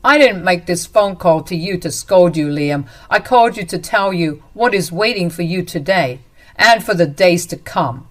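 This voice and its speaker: A woman's voice: lowish voice, lively intonation, normal speed. A woman voicing a stern off-duty policeman who firmly confronts and accuses a man. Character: stern protective man, mother's boyfriend, off-duty cop.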